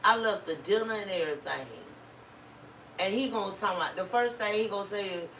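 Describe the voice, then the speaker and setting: A woman's voice: medium pitch, a little fast, fairly bright tone. A middle-aged woman chatting casually with her husband on camera, telling playful stories and laughing often. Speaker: vlog co-host. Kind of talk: casual chat. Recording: echoey room, mic at a distance.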